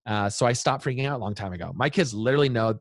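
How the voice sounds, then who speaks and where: A man's voice: medium pitch, animated, very fast, no echo. A man in his thirties, a guest speaking to parents in an interview, talking with energy and acting out what kids say. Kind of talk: animated interview talk.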